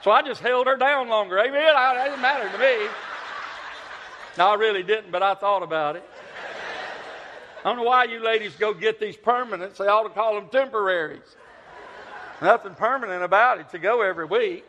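A man preaching a sermon, telling stories with big swings from loud to hushed. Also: high-pitched, moderate pace. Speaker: pastor, visiting preacher. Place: church sanctuary. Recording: echoey church hall.

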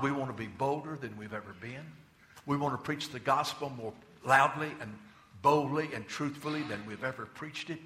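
Preacher guy, bit high and bright, booming then dropping low, echoey church sound. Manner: emphatic, swings between loud declarations and quiet asides. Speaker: pastor. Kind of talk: sermon.

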